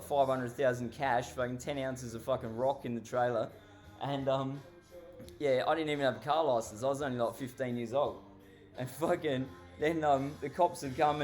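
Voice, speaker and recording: A man's voice: mid-range voice, a little mellow. Foul-mouthed Australian man spinning a yarn. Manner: heavily profane, rambling, laughs while telling. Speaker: storyteller. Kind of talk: casual anecdote telling.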